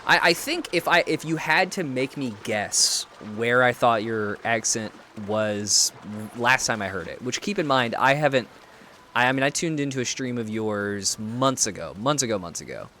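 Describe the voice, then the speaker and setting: A man's voice: mid-range voice, animated, moderate pace, bright, forceful tone, slight background noise. An American man streaming a video game, thinking aloud and chatting with viewers in a rambling, self-deprecating way with frequent restarts. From United States. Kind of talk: live gameplay commentary, chatting with viewers.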